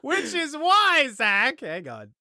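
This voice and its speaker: Male podcast co-host, playful jabs, animated delivery. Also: very high voice, no echo, clean studio sound. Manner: joking, teasing, quick interjections. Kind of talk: casual book discussion chat.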